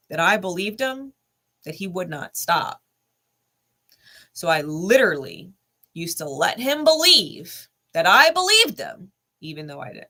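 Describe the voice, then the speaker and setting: Bright, low-pitched woman in her thirties. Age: 30s. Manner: blunt and emphatic, heavy swearing. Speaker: spiritual channel host. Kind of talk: candid personal storytelling.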